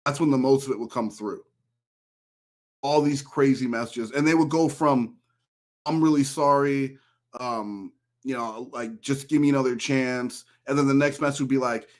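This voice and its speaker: A man telling a long story in casual podcast chat, turning animated whenever he quotes someone. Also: mid-range voice, moderate pace. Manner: storytelling, animated when quoting an ex. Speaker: podcast guest.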